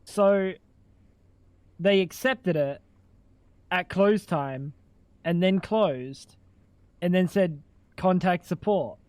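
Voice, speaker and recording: High-voiced, crude-talking young man streamer. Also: very slow, long pauses, darkish tone, smooth, dry recording. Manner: crude, swearing, incredulous. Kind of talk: casual live-stream chat.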